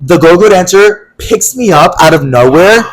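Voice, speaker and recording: A man's voice: sits high, moderate pace, low-quality recording. A young man co-hosting a podcast, telling a story in a casual, dramatic way with acted-out quotes and plenty of swearing. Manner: animated, dramatic quoted voices, swears freely. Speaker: podcast co-host.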